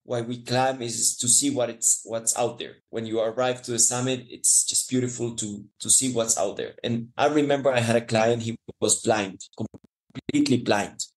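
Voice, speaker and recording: A man's voice: mid-range voice, fairly even intonation, moderate pace, rough recording. Ecuadorian man telling a mountain story. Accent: Ecuadorian Spanish. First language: Spanish. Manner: warm, emotional, frequent restarts and laughs. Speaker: mountain guide, guest. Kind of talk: storytelling interview answer.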